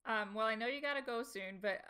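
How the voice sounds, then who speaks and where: A woman's voice: a little high, a little fast, a crowd in the background. A woman chatting on a podcast, self-conscious and apologetic. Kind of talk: casual podcast chat.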